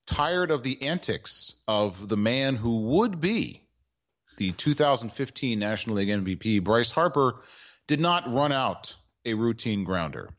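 A man's voice: mid-range voice, big pitch swings, a little slow, lo-fi sound. A man co-hosting a podcast, telling a sports story in a wry, rambling way with plenty of filler words. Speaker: podcast co-host. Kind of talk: casual sports chat.

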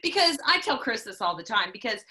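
A woman's voice: a little high, sing-song, brisk, pushed and bright. A middle-aged woman in casual chat, blunt and emphatic, repeating herself to drive a point home. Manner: emphatic, blunt and repetitive when preaching farm safety.

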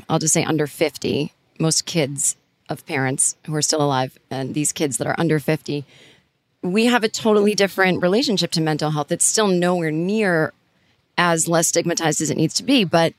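Female podcast host, relaxed conversational, lower register, dry sound. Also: moderate pace, dry recording. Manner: informal, thinking aloud with frequent fillers. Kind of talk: casual conversational interviewing.

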